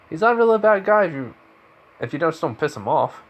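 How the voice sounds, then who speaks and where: Cocky young male student, slightly higher voice, voiced by a male narrator. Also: sing-song, brisk.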